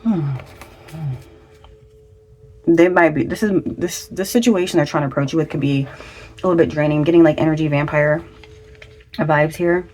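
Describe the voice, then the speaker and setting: A woman talks through a pick-a-card tarot reading in a relaxed, slangy way, dropping in little affirmations as she goes. Her voice sits low for a woman. A faint background noise runs under the recording. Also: moderate pace, pauses often. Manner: chatty and slangy, with frequent fillers and affirmations. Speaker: tarot reader.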